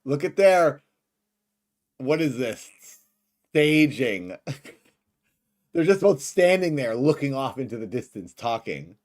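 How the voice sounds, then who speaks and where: Excitable male streamer. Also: mid-range voice, takes it slowly, long pauses. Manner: excitable, bursts into shouts. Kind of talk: livestream reaction commentary.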